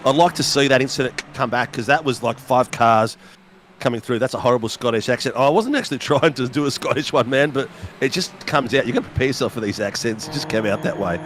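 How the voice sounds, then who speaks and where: A man with a croaky voice, giving rambling, jokey live race commentary. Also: medium pitch, fast talker. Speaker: sim racing commentator. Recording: loud race car engine noise behind.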